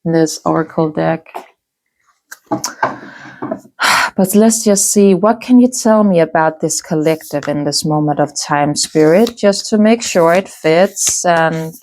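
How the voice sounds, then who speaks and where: Slow, low-voiced woman reading tarot. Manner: musing, thinks aloud with soft hums and restarts. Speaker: tarot reader. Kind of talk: casual spoken tarot reading.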